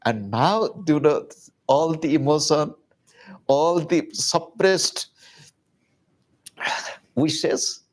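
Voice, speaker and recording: A man giving a public spiritual talk, telling a story in an animated, conversational way with casual asides. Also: a little high, very slow, long pauses. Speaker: spiritual teacher.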